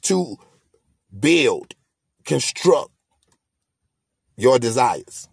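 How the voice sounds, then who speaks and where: A man's voice: medium pitch, big pitch swings, drawn-out words, vocal fry, breathy edge, dry recording, clean studio sound. A man hosting a podcast, delivering a motivational monologue in an emphatic, preachy way, repeating his points. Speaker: podcast host.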